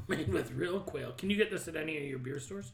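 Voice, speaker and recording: A man's voice: a little high, moderate pace, creaky, slight background noise. A man co-hosting a podcast in casual, crude, joking banter with a friend. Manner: joking, crude, talks over others. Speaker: podcast co-host.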